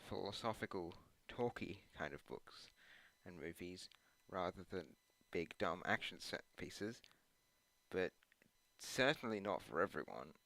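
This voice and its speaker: Gaming host, man, low and bright, dry close sound, rambling and hesitant. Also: dry recording. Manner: meandering and hesitant, with many ums and uhs; self-deprecating asides. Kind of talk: rambling commentary while playing a video game.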